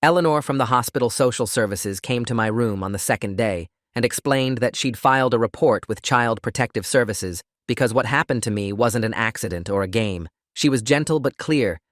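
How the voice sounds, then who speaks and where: A man narrating a first-person story in a steady, even reading voice. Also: mid-range voice, a little fast, few pauses, dry recording, clean studio sound. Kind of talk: scripted narration.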